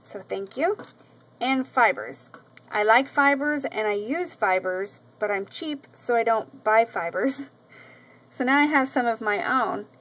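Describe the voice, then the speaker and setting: Chatty woman vlogger, slightly high voice. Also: a little slow, fairly bright tone, low-quality recording. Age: adult with a daughter. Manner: chatty, gushing, with many ums and repeats. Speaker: crafting vlogger. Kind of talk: casual show-and-tell vlog. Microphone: camera mic.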